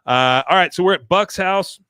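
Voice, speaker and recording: A man's voice: high-pitched, normal speed, sharp tone, smooth, dry recording. A man co-hosting a podcast, casually recapping a cartoon episode and acting out the characters' lines as he goes. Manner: rambling, acts out quotes from the episode. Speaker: podcast co-host.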